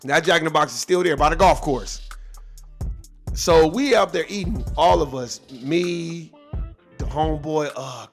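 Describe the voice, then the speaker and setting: A man's voice: a little high, unhurried, soft background music. A man telling a long, loose personal story in casual vlog style, profane and full of asides. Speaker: vlogger.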